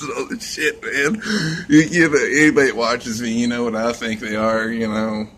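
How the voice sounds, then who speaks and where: A man's voice: mid-range voice, fairly even intonation, a little slow, long pauses, a bit bright, a little hiss or hum. A man ranting in a casual vlog, rambling and scornful, swearing constantly. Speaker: vlogger.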